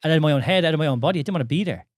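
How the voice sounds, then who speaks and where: A man's voice: on the high side, animated, rapid-fire, no echo, clean studio sound. A man in his thirties with an Irish accent, co-hosting a casual podcast, candid and swearing often with many restarts. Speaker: podcast co-host.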